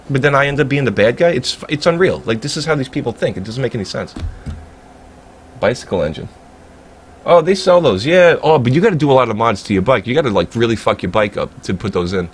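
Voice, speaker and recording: A man's voice: medium pitch, a little hiss or hum. A man, a livestreamer ranting in a heated, profane, rambling way during casual chat. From Staten Island, New York.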